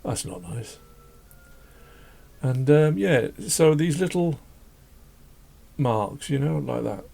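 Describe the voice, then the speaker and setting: A man hosting a drawing channel, chatting casually and rambling as he draws, self-deprecating and laughing often, with a croaky voice. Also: mid-range voice, expressive, takes it slowly, pauses often, mellow. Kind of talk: casual chat while drawing. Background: faint classical music.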